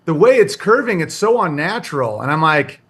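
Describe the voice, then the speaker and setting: A man's voice: fairly high pitch, big pitch swings, moderate pace, a bit bright, breathy edge. A man hosting a podcast, joking loosely in casual banter with lots of filler words.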